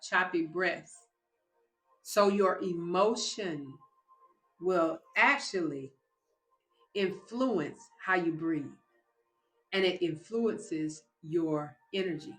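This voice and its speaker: A woman's voice: medium pitch, sharp tone, roomy sound. A woman giving a live motivational talk, speaking emphatically and like a preacher straight to her listeners.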